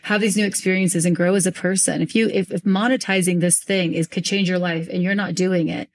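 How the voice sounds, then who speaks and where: A young adult woman hosting a casual podcast interview as a business coach, talking in an animated way and often repeating herself as she works through her thoughts. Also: on the low side, fairly quick.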